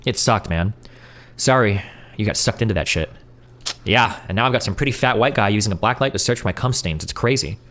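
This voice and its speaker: A man on a live stream reading a chat exchange aloud, switching between put-on voices with a sarcastic edge. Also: on the low side. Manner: quick, animated delivery with sarcastic put-on voices.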